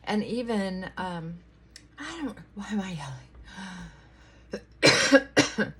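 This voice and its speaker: A woman's voice: medium pitch, lively intonation, slow pace, bright, forceful tone, slightly rough. A middle-aged woman chatting casually to her viewers in her bedroom, rambling with asides to her dog. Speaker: vlogger. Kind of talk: casual morning chat.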